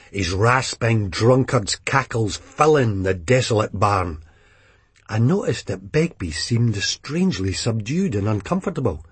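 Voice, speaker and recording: A man with a Scottish accent narrating a novel in a blunt, deadpan way. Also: lowish voice, husky, dry recording. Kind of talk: audiobook narration.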